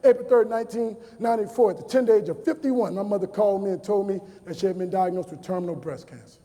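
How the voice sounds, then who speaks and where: A man's voice: sits high, fast talker, mellow. A man in his forties from New Orleans, giving a motivational speech to students and telling stories with emphatic repetition. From New Orleans, USA. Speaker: motivational speaker. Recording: long reverb of a large hall.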